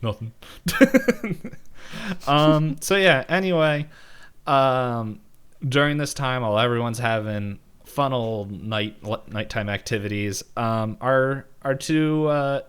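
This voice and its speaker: A man's voice: mid-range voice, slow, fairly bright tone, clean tone. A man co-hosting a casual movie reaction podcast, laughing often and acting out lines from the film. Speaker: podcast co-host.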